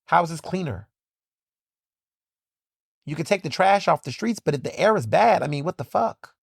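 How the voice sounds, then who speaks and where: Impassioned and animated, a podcast host from Philadelphia talks at a moderate pace in a fairly high voice that's gravelly and husky. His solo commentary is packed with emphatic repetition, swearing and "like" fillers. The sound is clean studio audio with no room sound.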